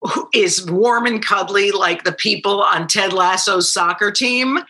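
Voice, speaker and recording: An American woman in brash, teasing comedic chat, foul-mouthed and quick to needle. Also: medium pitch, bright, forceful tone. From United States.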